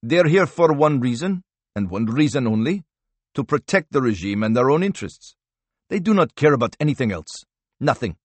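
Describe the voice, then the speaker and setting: A man's voice: medium pitch, very animated, moderate pace, no room sound, voice pushed up. A man voicing a Syrian rebel who speaks fervently and angrily about the war.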